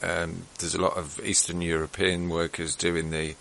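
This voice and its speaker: Deep gravelly English storyteller. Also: male voice, level tone, normal speed, fairly bright tone, slight background noise. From England. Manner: laid-back, rambling storyteller. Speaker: radio show co-host. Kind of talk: anecdotal storytelling on a talk show.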